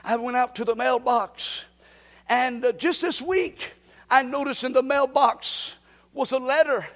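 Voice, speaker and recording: A man with a very high voice preaches from the pulpit, and his words ring out in a church hall with a long reverb. His delivery is emphatic and swings from lower, quieter stretches to sudden shouted peaks. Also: measured pace. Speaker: pastor. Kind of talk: sermon. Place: church sanctuary.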